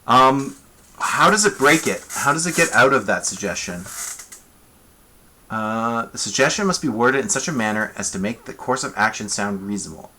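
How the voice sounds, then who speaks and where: A man running a tabletop monster fight on a live stream. His voice is bright and forward at a middling pitch. He talks casually and chattily, reasoning aloud about rules and rolls. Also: expressive, normal speed, a little hiss or hum. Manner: thinking aloud, rolling dice and ruling on the fly; casual, chatty, self-amused. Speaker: game master.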